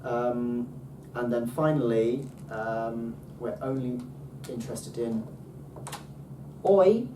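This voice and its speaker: A man teaching a casual language lesson with enthusiasm, often pausing on ums and restarting his sentences. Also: mid-range voice, flat delivery. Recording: roomy, distant mic, faint background noise.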